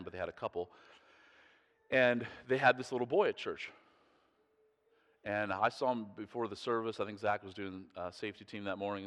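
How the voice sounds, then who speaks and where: A man's voice: on the low side, fairly bright tone. A male pastor preaching in a chatty, storytelling way, often breaking off mid-thought and chuckling. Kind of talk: conversational sermon storytelling. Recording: long hall reverb.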